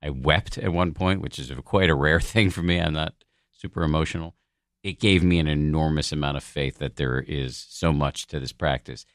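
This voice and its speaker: A man's voice: very deep voice, moderate pace, dry recording, studio quality. A man guesting on a podcast, telling a personal story in a candid, self-deprecating way with the odd swear word. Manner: frank and profane, self-deprecating.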